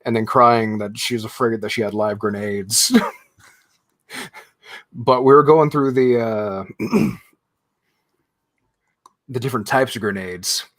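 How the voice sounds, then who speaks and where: Man, young adult, casual podcast chat, laid-back storyteller, mid pitch, dry close sound. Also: slow, pauses often, fairly bright tone, no room sound. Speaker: podcast co-host.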